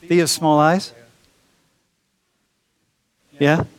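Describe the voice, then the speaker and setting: A man's voice: on the high side, little pitch movement, drawn-out words, smooth. Joking man teaching a big class. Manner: joking, calls students dude and bro. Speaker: college instructor. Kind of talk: casual classroom banter. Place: lecture classroom.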